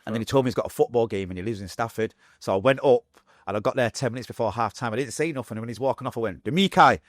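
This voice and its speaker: Recorded cleanly in a studio with no echo, this medium-pitched man in his forties has a Manchester accent and hails from that English city. He's a podcast guest telling his life story frankly, retelling it at speed with lively acted-out quotes.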